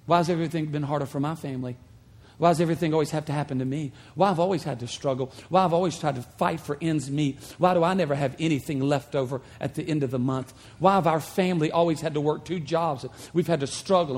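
A man preaching a sermon as a pastor, retelling the story in a conversational, animated way with humorous asides. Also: fairly high pitch, fast. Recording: long hall reverb.

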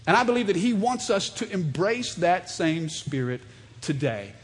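A man in his thirties preaching a sermon, animated and storytelling, calling on the congregation to answer. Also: high voice, moderate pace, slightly rough. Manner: animated, storytelling, calls for audience response. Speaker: pastor. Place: church sanctuary. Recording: long hall reverb.

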